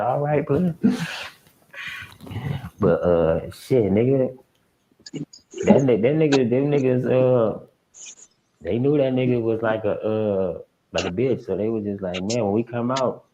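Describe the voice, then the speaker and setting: A man's voice: lowish voice, normal speed, long pauses, mellow, muffled recording, a little hiss or hum. A man telling a story in casual slang, acting out other people's lines. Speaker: guest telling a prison story.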